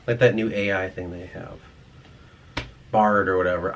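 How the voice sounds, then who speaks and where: A man's voice: on the low side, moderate pace, slight background noise. A man vlogging in a rambling, profane, ranting monologue.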